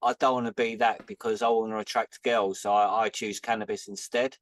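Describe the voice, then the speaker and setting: A man on a casual podcast working through a thought hesitantly, pausing to find his words. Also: lowish voice, flat delivery.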